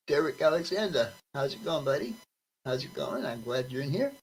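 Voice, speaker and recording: In a poor-quality recording with slight background noise, a livestream host welcomes viewers individually by name in a friendly, easygoing way. His fairly high voice is very animated and moves fairly quickly.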